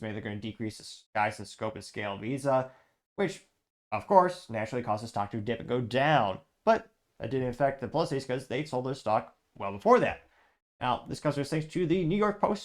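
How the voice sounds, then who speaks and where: Rapid-fire male political podcast host. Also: mid-range voice. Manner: rapid, casual, rambling with asides and fillers. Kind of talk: political news commentary.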